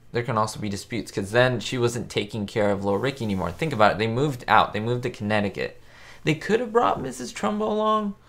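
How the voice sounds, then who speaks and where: A man's voice: medium pitch, fairly bright tone. A man hosting a casual live chat on a facecam, answering viewers' comments in a rambling, chatty way with lots of fillers. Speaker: host of a live chat stream about a classic sitcom.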